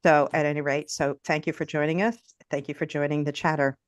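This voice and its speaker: A woman with a slightly low voice hosting a relaxed morning livestream. She chats warmly with friends and keeps the talk moving with small affirmations. The sound is dry, with no room around it. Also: a little fast, dry recording. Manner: chatty, affirming listener. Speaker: host. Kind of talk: casual livestream chat.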